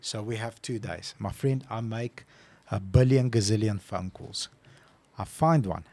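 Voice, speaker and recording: A man co-hosting a casual podcast, telling a story with lively acted-out phone calls. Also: lowish voice, a little slow. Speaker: podcast co-host.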